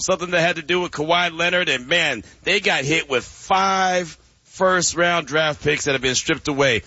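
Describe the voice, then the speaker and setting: A man's voice: on the high side, normal speed, bright, forceful tone, dry recording. A man hosting a sports radio show, bantering casually in a playful, teasing way and laughing often. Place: radio studio. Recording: dull, dry studio radio audio.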